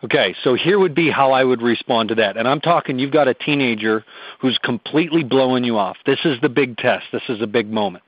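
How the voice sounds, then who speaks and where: A man's voice: medium pitch, a little fast, no echo. Radio guest, male parenting expert, earnest and emphatic, dull dry radio audio. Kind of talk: radio talk show discussion.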